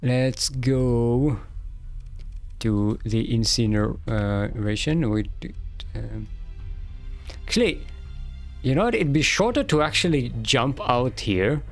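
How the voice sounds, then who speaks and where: A man's voice: medium pitch, expressive, takes it slowly, pauses often, faint music behind. A man streaming a game and commenting casually, rambling and joking and laughing often.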